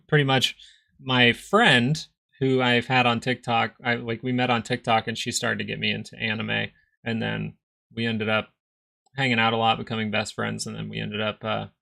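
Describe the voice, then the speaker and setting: Gravelly, bright-voiced young male stream host. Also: mid-range voice. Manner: joking, rambling, chatting with viewers. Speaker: stock market livestream host. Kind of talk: casual live chart commentary.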